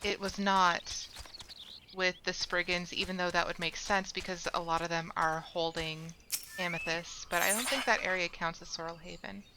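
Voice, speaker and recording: A woman streamer talks casually and ramblingly while playing a game, often correcting herself mid-sentence in a chatty way. Her voice is fairly low with fairly even intonation, at a normal speed, and there's background noise.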